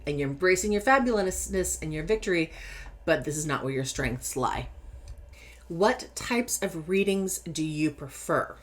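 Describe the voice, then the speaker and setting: A faint hiss or hum runs under this low-pitched woman's voice as she reads tarot at a normal pace, chatting casually in a Californian accent. Lively and talkative, she laughs easily and gives her words animated emphasis during this informal deck interview.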